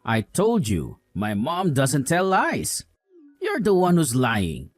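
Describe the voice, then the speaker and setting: A man's voice: mid-range voice, wildly swooping pitch, slow, no room sound, faint music behind. A man voicing a young husband who scolds his wife with contempt and sides with his mother in a voiced drama story. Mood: scolding.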